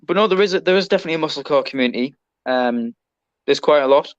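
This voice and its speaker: A man's voice: on the high side, animated, fast talker, smooth, dry recording, lo-fi sound. A man with an English accent, a podcast guest, chatting casually and rambling with lots of ums and restarts. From Britain. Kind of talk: casual chat.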